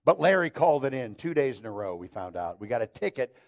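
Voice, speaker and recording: A man's voice: medium pitch, sing-song, quick pace, creaky. A middle-aged man preaching a sermon on a church stage, telling stories with acted-out dialogue and dry humor. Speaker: pastor.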